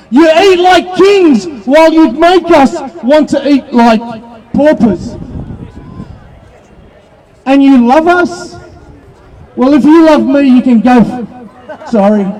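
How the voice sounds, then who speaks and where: An Australian man giving an impassioned protest speech outdoors, shouting to the crowd at a rally. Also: very high-pitched, rough recording. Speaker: rally speaker. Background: faint crowd.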